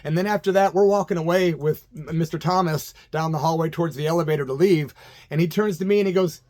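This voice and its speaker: A man's voice: on the high side, fast, darkish tone. Laid-back man telling a wild story. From Illinois, USA. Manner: laid-back, laughs often, acts out voices in quotes. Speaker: vlogger telling a personal story. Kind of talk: casual storytelling monologue.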